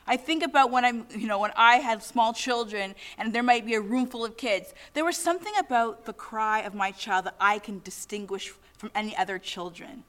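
A woman's voice: on the high side, normal speed, few pauses, fairly bright tone. A middle-aged woman preaching a sermon in an earnest way, asking the congregation many questions.

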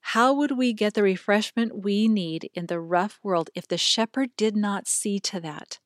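A woman voicing a gentle middle-aged Syrian shepherd man who tells stories tenderly and reverently. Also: mid-range voice, unhurried, dry recording, studio quality, close to an everyday voice.

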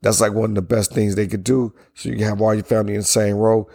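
A middle-aged man with a hoarse, worn voice, hosting a casual solo podcast and giving blunt opinions while yawning between sentences. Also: fairly low pitch, little pitch movement, fast talker, warm tone, no echo. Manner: blunt, opinionated, loose and conversational. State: hoarse, strained voice from yelling. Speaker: podcast host.

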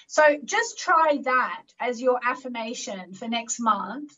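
A woman's voice: a little high, animated, a little slow, hardly any pauses, sharp tone, dull audio. A woman hosting a call-in astrology show, coaching callers through affirmations in an encouraging way.

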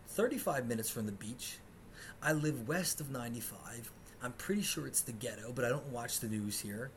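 A man's voice: medium pitch, slight background noise. A man in his twenties hosting a podcast from his apartment, ranting sarcastically and profanely about his life. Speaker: podcast host. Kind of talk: solo comedic rant.

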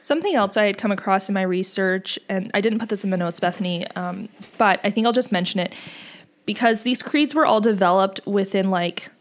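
A woman talks through church history as a podcast co-host, relaxed and conversational. Her pitch sits in the middle range, and she explains things patiently, with fillers here and there. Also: a little fast. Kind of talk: casual religious discussion.

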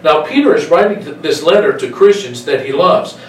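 Male preacher, bit higher voice, emphatic, slows on key words, echoey hall from a distance. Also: expressive, slight background noise. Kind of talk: sermon. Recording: echoey room, voice from some distance.

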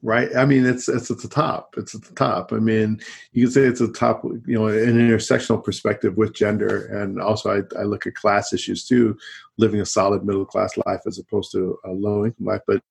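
Speaking fairly quickly with a flat delivery, a middle-aged man who teaches college rambles as a guest in a relaxed conversational interview. His voice is lowish, creaky and husky, and he keeps saying "you know, and so on."

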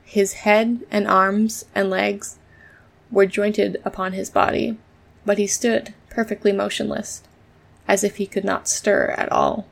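Woman reading a storybook with vocal fry. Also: mid-range voice, flat delivery, unhurried. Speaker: narrator.

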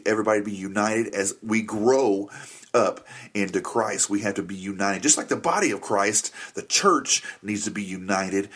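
A man's voice: lowish voice, a bit bright, husky. A middle-aged man hosting a Christian family podcast, upbeat and jokey, often saying "that's right" as he motivates listeners. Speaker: podcast host.

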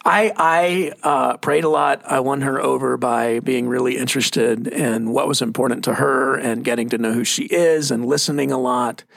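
A middle-aged man with a Texan accent and a gravelly, husky voice. He tells stories in a relaxed podcast chat and slips into the voices of the people he quotes. The sound is dry and close, with no room in it. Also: medium pitch, moderate pace, few pauses, no room sound. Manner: storytelling, acts out quoted voices. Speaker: pastor. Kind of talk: casual podcast conversation.

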